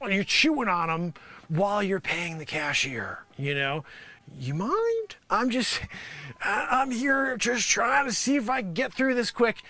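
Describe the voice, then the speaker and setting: A man's voice: sits high, sing-song, a little slow, bright, forceful tone. A man doing an improvised comedic rant, exasperated and rambling. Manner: exasperated, rambling, repeats "freaking". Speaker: comedy performer.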